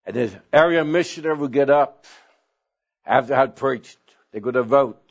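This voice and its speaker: A middle-aged or older man preaching a sermon as pastor, earnest, with sudden swings in pitch and slow emphatic phrases. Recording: dull lo-fi sound.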